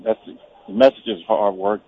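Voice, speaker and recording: A man interviewed by phone, relaxed and soft-spoken, with fillers. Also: fairly low pitch, a little fast, husky. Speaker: guest, former quarterback coach. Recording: tinny phone line with faint noise.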